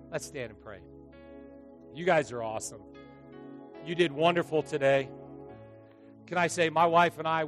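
Middle-aged male pastor, lively storytelling sermon with jokes, slightly high voice, soft music underneath. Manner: animated, joking storyteller who acts out voices.

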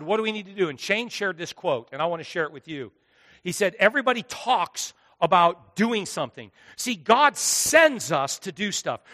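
A man preaching a sermon as pastor, swinging between hushed asides and loud, driving lines. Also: high voice. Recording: long hall reverb.

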